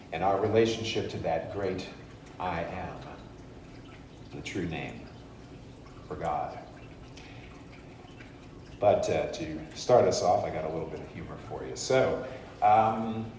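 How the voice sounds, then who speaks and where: A man giving a sermon in a church, speaking in an unhurried, conversational and playful way. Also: fairly low pitch, darkish tone, a little hiss or hum. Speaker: guest speaker. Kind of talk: sermon with humor. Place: church sanctuary. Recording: echoey church hall, mic far off.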